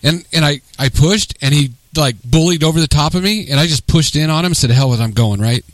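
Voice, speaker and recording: A man's voice: a little high, fast talker, no room sound, rough recording. A man co-hosting a casual podcast, laughing often and telling rambling anecdotes. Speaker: podcast co-host.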